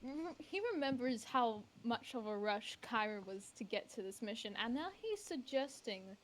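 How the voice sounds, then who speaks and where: Higher-voiced woman describing her character. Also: animated, normal speed. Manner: rambling, searching for words. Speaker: player. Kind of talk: casual tabletop game narration.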